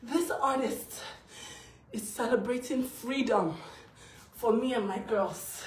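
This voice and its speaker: A woman's voice: a little high, takes it slowly, long pauses. A Nigerian woman and mother giving an emotional live-video testimony, chanting repeated exclamations mixed with laughter. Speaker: mother addressing her followers. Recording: roomy, far from the mic, faint hiss.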